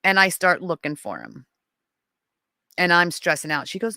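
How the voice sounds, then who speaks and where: A woman guest on a podcast, telling a story in casual conversation, animated and rising to high exclamations. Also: moderate pace, dry recording.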